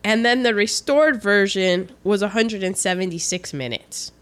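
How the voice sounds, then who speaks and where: A woman's voice: medium pitch, normal speed, fairly bright tone. A woman co-hosting a podcast, talking in a chatty, rambling, self-mocking way. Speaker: podcast co-host. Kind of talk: casual chat.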